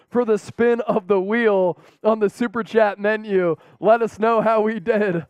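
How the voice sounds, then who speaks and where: A man hosting a rowdy live-stream watch party, calling plays in an excitable, laughing, casual manner. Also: sits high, a little slow, hardly any pauses, clear, resonant tone, no room sound. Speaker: host.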